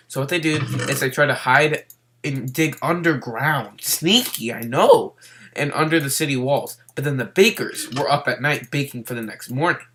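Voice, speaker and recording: A man's voice: mid-range voice, expressive, moderate pace, bright, forceful tone, a little hiss or hum. A man giving casual let's-play commentary while he plays, rambling in a hyper, silly way. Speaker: gameplay commentator.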